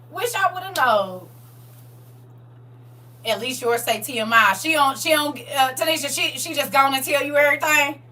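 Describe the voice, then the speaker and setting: A middle-aged woman with a St. chatting casually with viewers on a livestream, telling animated stories and acting out her own reactions. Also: high voice, normal speed, long pauses, recorded from a distance, poor audio. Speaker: livestream host.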